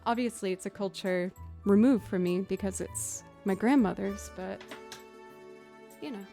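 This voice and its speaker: A chatty young woman from the Boston area with a Boston accent, talking casually to her livestream viewers. Her voice sits at a middle pitch, and she rambles along with lots of likes and you-knows. Faint music plays behind her. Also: measured pace. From Boston area, USA. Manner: chatty and animated, full of likes and you-knows, acts out her own excited quotes.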